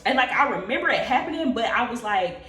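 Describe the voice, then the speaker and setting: A woman vlogger telling a story in an animated, expressive, profane casual way. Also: a little high, fast talker, reverberant.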